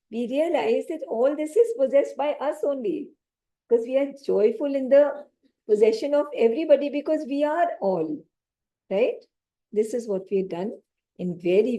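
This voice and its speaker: A woman giving a lecture on scripture, explaining slowly, repeating key phrases and asking her small audience questions. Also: a little high, dark tone. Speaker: spiritual teacher.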